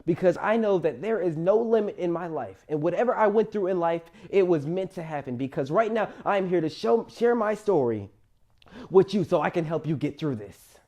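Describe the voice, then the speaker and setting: A man's voice: high voice, lively intonation, brisk, hardly any pauses, mellow. A young man in college tells his own life story to camera in an earnest, emphatic, motivational way. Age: young adult.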